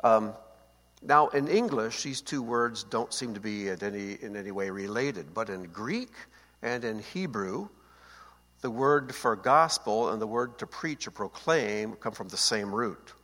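A man's voice: fairly low pitch, animated, measured pace, fairly bright tone. A man giving a conversational Bible teaching, often checking that his listeners follow. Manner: conversational, asks listeners to confirm. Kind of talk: seated Bible teaching talk. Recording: long hall reverb.

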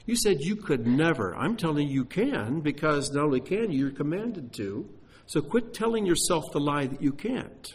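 A man's voice: a little high, sing-song, moderate pace, breathy edge. A man preaching a sermon, emphatic, often repeating key phrases and putting questions to his listeners.

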